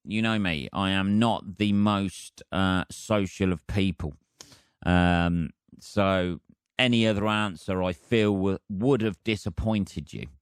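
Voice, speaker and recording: A man hosting his own podcast as a comedian, rambling through a casual solo monologue in a deadpan, heavily sweary way. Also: low-pitched, slow, smooth, no room sound, studio quality.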